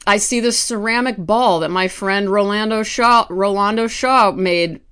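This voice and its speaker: A woman artist talking to camera at home, ranting with quick restarts and asides. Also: medium pitch, a bit bright, clear, resonant tone. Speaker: artist vlogger. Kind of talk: casual talk to camera.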